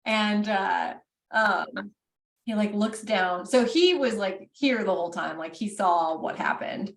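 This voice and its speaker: A woman's voice: medium pitch, slow pace, creaky. A woman game master casually narrating a tabletop game, full of fillers, recorded roomy and from a distance.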